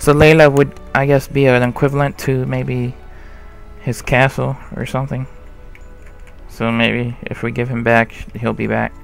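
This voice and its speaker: Gravelly dude doing lets play commentary, dry offhand remarks, faint music. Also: male voice, medium pitch, little pitch movement, measured pace. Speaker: let's play host. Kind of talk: casual game commentary.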